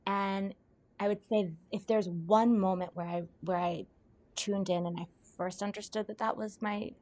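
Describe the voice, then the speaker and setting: A woman, a podcast guest, telling personal stories in conversation, animated and laughing often. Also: mid-range voice, moderate pace. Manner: animated storyteller, laughs often, acts out quoted voices. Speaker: podcast guest, intuitive guide. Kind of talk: storytelling in conversation.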